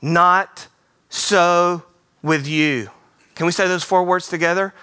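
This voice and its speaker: A man preaching a sermon in a theater, energetic and playful, slipping into quick voices. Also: sits high, smooth, dry recording, studio quality. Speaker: pastor.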